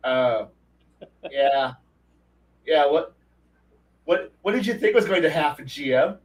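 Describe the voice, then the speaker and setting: A man co-hosting a casual gaming chat, ranting in an animated way and swearing freely. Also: a little high, takes it slowly, long pauses, distant mic, low-quality recording. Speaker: podcast co-host.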